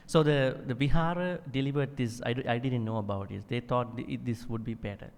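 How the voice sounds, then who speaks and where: A man's voice: mid-range voice, moderate pace, vocal fry. Male monk teaching in a reverberant hall. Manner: explains patiently, fillers, demonstrates chanting. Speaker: Buddhist monk teaching Pali. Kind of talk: classroom teaching.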